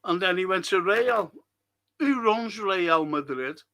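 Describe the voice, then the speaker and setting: This man has a high, pushed, bright voice with lively intonation, and he takes it slowly. He runs a casual fan live stream, reading viewers' comments and firing back bluntly and in exasperation, cursing often.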